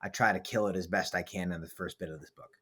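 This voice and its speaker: A man with a somewhat low voice and a bright, forceful edge, hosting a podcast in casual conversation. He coaches and talks bluntly and emphatically, and he does not shy from a swear word. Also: steady tone, quick pace, slightly rough. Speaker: podcast host and author.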